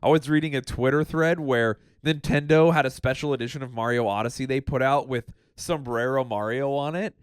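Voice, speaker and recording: A man co-hosting a podcast in casual profane chat, excitable and quick to throw in mock quotes. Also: mid-range voice, smooth, no echo, studio quality. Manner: excitable, swears a lot, lively mock quotes. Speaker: podcast co-host.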